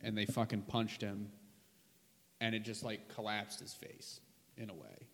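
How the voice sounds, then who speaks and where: A man's voice: lowish voice, a little slow, a bit bright, long reverb tail. Rambling man telling a story. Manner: rambling, profane, many fillers. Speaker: podcast guest, comedian. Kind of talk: casual podcast storytelling.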